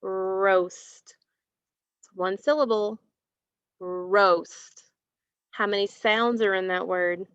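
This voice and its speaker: Woman teacher, very slow and deliberate, phonics drills, dry, muffled lo-fi sound. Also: mid-range voice, fairly bright tone, clear, resonant tone, no echo. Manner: stretches out and repeats single sounds, encouraging. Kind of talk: slow, clearly enunciated phonics lesson. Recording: dry, dull lo-fi recording.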